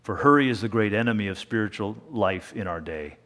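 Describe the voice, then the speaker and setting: A man preaching a sermon as pastor, talking in a conversational way and slowing down to a hush for emphasis. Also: fairly low pitch, animated. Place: church sanctuary. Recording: long reverb of a church hall.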